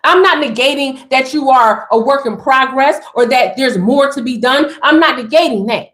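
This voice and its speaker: A woman's voice: high-pitched, normal speed, fairly bright tone, reverberant. A woman giving an emphatic, sassy motivational spiritual talk straight to her listeners.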